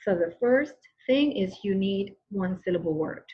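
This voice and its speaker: A woman's voice: medium pitch, lively intonation, unhurried, lo-fi sound. A woman teacher giving a recorded grammar lesson, patient and repetitive, often checking in with "okay?".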